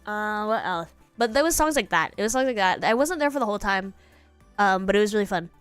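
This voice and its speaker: A woman's voice: mid-range voice, expressive, quick pace, clean tone, no room sound, faint music behind. A congested young woman streamer chatting casually and rambling, now and then singing bits of songs. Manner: rambling, sings snatches of songs. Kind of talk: casual chat.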